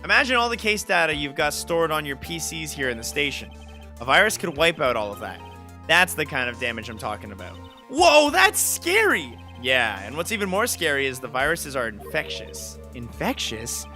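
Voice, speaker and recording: A man's voice: medium pitch, very animated, fairly quick, pushed and bright, soft background music. A man reading video game dialogue aloud in a dry, slightly sardonic way for a let's play.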